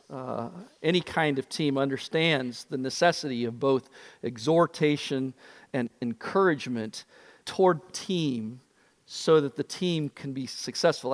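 A man preaching a sermon, an animated storyteller who acts out the voices in his stories. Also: medium pitch, big-room sound. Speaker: pastor.

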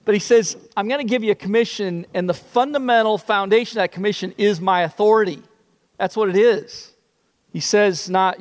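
A man's voice: high voice, normal speed. A male preacher delivering a sermon, emphatic and building through repeated phrases. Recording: long reverb.

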